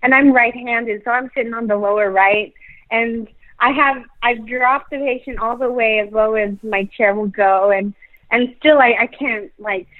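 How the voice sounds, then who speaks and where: A woman's voice: a little high, fairly even intonation, moderate pace. A woman in her thirties, heavily pregnant and out of breath, chatting casually and laughing often as she rambles. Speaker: dentist, podcast host. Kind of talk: casual chat. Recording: tinny phone-like line.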